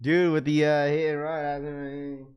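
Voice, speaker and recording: A man hosting a casual livestream, chatty and laughing often as he gives shout-outs for donations. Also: on the high side, little pitch movement, takes it slowly, clear, resonant tone, lo-fi sound. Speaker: livestream host.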